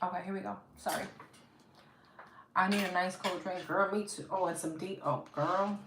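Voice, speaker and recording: With a fairly low pitch and moderate pace, a New York woman gives a live-stream tarot reading. She's relaxed and talkative, addressing people as "girl" and "guys," and the phone mic captures an echoey room and faint hiss.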